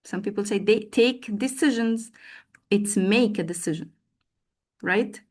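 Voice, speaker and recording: A woman's voice: medium pitch, a little slow, a little mellow. A woman teacher trainer leading a live online lesson, calling on participants by name and explaining teaching steps with frequent fillers.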